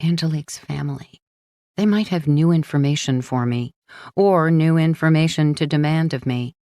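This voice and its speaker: A woman narrating a first-person audiobook in a hushed, brooding manner. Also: low-pitched, normal speed, no echo, studio quality.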